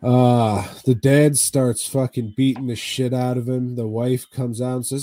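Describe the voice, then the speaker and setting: A man's voice: medium pitch, flat delivery, a little slow, hardly any pauses, warm tone, no echo. A man co-hosting a podcast, recapping a horror movie in casual chat, swearing often and rambling. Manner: profane, rambling, drawling recap. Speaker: podcast co-host.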